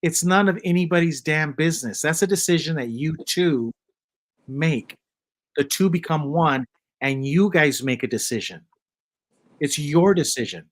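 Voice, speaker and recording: A man in his fifties hosting a casual livestream chat, rambling and joking in a loose, animated way. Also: on the high side, unhurried, poor audio. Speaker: host.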